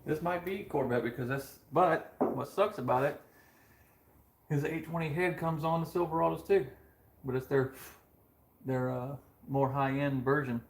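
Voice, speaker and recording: A man's voice: fairly high pitch, moderate pace, echoey room. A man working as a mechanic, talking about engine parts in a matter-of-fact way. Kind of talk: casual shop talk.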